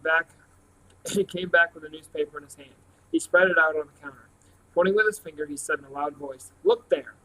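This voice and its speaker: A man reads a novel aloud, one chapter a day. His voice sits a little high for a man, and he tells the story plainly and steadily, tripping over a word now and then. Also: brisk, bright, forceful tone, poor audio. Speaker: reader.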